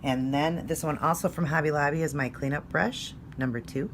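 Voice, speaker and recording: Low-voiced chatty woman nail vlogger. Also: steady tone, normal speed, a little hiss or hum. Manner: chatty, friendly, step-by-step explaining. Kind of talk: casual tutorial vlog.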